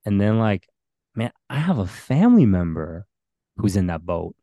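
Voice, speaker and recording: A very low-voiced man talking in a casual podcast conversation. He is a pastor, and he speaks earnestly and thoughtfully, with frequent fillers and restarts. The recording is close and dry. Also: very animated, normal speed, dark tone, no room sound.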